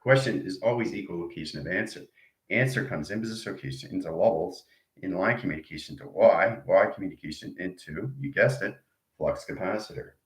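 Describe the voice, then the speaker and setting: A man's voice: deep voice, brisk, roomy sound, poor audio. A man giving a rambling spiritual lecture, repeating abstract jargon and checking in with his listeners. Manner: acts out arguing inner voices. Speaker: self-styled spiritual teacher.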